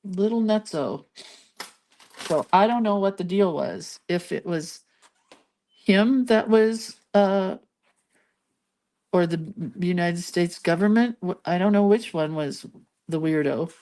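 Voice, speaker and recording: A woman's voice: on the low side, takes it slowly, long pauses, dark tone. A woman hosting a craft channel, telling a rambling story in casual chat and laughing between lines. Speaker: lettering and doodling channel host.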